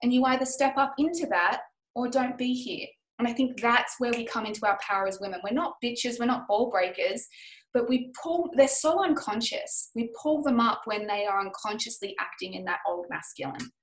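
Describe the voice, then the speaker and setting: A woman's voice: on the high side, expressive, normal speed, echoey room, poor audio. A woman leading a casual group discussion, talking in an earnest, emphatic way and acting out the lines she quotes. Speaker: group facilitator.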